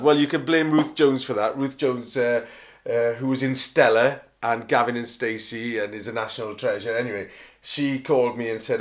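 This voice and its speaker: A man's voice: mid-range voice, fairly even intonation, normal speed. A Welsh man, an opera singer, telling anecdotes in a chatty, self-mocking way, often laughing at himself. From Wales. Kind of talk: casual anecdotal storytelling.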